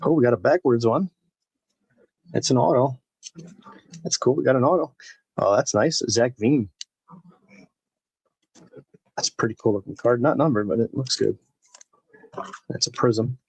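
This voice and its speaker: Unhurried and prone to long pauses, a man with a medium-pitched, slightly mellow, gravelly and husky voice hosts a live baseball card break, chatting casually and naming viewers as he opens packs. The recording is dry and rough.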